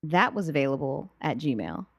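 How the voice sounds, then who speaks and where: Low-voiced woman hosting a chatty podcast. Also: very animated, vocal fry, breathy edge, dry recording. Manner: chatty, rambling, quick to laugh. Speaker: podcast host. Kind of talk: casual chat.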